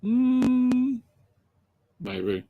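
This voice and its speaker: A man's voice: extremely high pitch, huge pitch swings, very slow, dull audio. A man co-hosting a casual podcast, dropping dry, wisecracking remarks. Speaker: podcast co-host. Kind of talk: casual chat.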